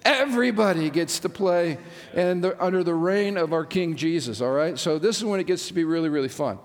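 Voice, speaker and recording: High-voiced enthusiastic male pastor. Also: fairly quick. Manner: enthusiastic, frequent "uh" fillers, asks the congregation questions. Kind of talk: sermon. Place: large church sanctuary. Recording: long church-hall reverb.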